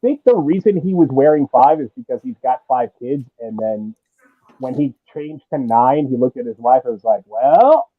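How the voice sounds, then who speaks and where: A man's voice: mid-range voice, moderate pace, no echo. Male sports co-host, hesitant and rambling, heard through a thin, dry, phone-like line. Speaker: podcast co-host. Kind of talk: casual sports chat. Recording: tinny, dry phone-like audio.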